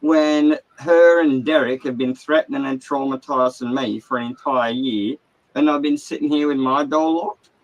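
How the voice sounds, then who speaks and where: A man's voice: mid-range voice, normal speed, dull audio. Agitated swearing Australian man. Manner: agitated, heavy swearing, rambling. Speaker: livestream host. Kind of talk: casual livestream rant. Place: caravan.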